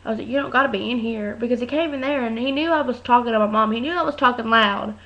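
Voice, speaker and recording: Woman vlogger, high voice, loud and chatty, tells stories and mimics people; dull webcam audio. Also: fast. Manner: chatty storytelling, acts out voices, talks loud. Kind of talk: casual webcam rant. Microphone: webcam mic.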